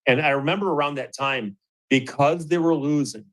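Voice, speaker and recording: A middle-aged man from Michigan with a slightly high voice, hosting and telling a long story. He talks casually and animatedly, chuckles often, and restarts his sentences as the story builds. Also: normal speed, a bit bright, poor audio. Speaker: host.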